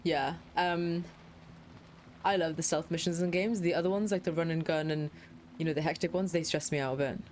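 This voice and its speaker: A woman's voice: deep voice, steady tone, brisk, background noise. A young woman streamer chatting casually and playfully while playing a game, swearing freely. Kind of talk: casual live-stream chat while gaming.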